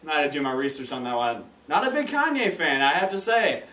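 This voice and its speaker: A man's voice: fairly high pitch, animated, fast, sharp tone. A teenage boy doing an amateur stand-up routine, stumbling and awkward with many fillers. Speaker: stand-up comedian. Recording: echoey room, taped from far off.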